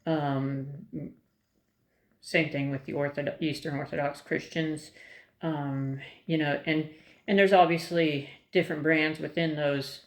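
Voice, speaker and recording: Rambling woman in an echoey room. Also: low-pitched. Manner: rambling and tangential, with many ums and restarts; thoughtful, hedging. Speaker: vlogger. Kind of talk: casual talk to camera.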